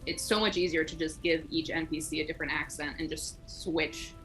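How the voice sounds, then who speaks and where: A playful woman teasing her friends in casual chat. Her voice is bright and crisp. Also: deep voice, flat delivery, a little fast, soft background music, low-quality recording. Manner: playful, teasing, laughs often. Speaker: tabletop game player.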